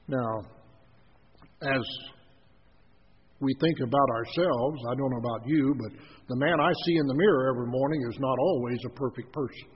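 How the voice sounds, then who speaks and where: A man preaching a sermon as pastor, telling folksy humorous stories in a husky voice. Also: mid-range voice, lively intonation, normal speed. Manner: storytelling, folksy with humorous anecdotes. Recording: dull recording with long hall reverb.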